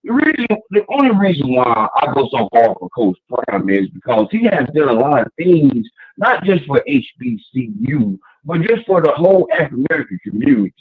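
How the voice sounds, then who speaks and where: A man calling in to a show, speaking passionately in a husky voice and repeating his questions. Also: mid-range voice, normal speed, hardly any pauses. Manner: impassioned, lively, repeats questions. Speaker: caller. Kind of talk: passionate call-in monologue. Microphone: phone. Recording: tinny phone line.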